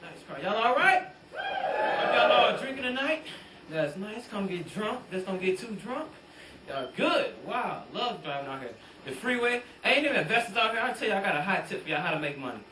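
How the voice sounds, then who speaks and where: A young Detroit comic works the crowd during his stand-up set, bantering loosely in a high, sing-song, brisk voice with a sharp edge. The club sounds roomy, the mic is set far back, and there's a little hiss or hum.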